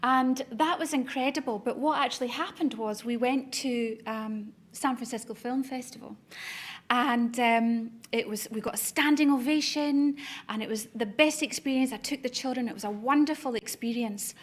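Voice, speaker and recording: Lively businesswoman telling stories. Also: fairly high pitch, moderate pace. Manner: lively anecdotal, acts out quoted voices. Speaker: business speaker. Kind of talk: storytelling talk at a masterclass.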